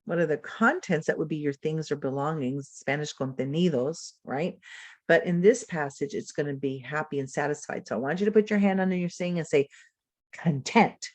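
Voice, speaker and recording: A woman's voice: low voice, a little fast, no room sound. A woman giving a teacher-training webinar over a video call, explaining lessons in a teacherly way and often checking in with "right?". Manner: warm teacherly, frequent "right?" check-ins. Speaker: presenter. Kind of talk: webinar lecture. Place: home or office, recorded over video call.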